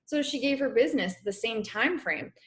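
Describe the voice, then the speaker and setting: A young woman coaching her business team on a casual video call, chatty and encouraging, clearing her throat as her voice wears out. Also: on the high side, lively intonation, moderate pace. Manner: chatty, encouraging, many fillers. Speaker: network marketing coach.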